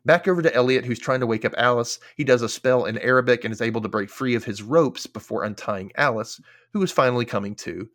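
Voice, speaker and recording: A man's voice: mid-range voice, fast talker, a bit bright. A man hosting a podcast, casually recapping a TV episode in a chatty way, full of filler words and casual swearing. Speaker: podcast host.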